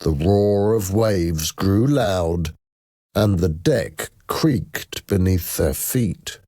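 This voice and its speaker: A man narrating a story in a slow, dramatic way. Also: low voice, expressive, dark tone, dry recording, studio quality.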